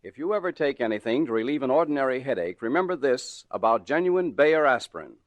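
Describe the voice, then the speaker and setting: A man announcing and narrating in a smooth, persuasive 1940s radio style. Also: mid-range voice, lively intonation, fast, no room sound, soft background music.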